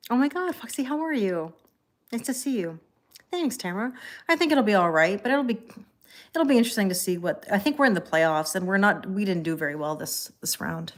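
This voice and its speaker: Calm chatty woman greeting livestream viewers. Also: medium pitch, brisk. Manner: chatty, reads viewer comments aloud and thanks them by name; calm and relaxed. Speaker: tarot reader hosting a livestream. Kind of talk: casual livestream chat.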